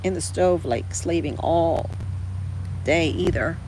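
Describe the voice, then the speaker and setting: A woman's voice: low-pitched, slow pace, noisy background. A woman chatting casually with her livestream viewers, rambling and calling them girl and guys. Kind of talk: casual live chat.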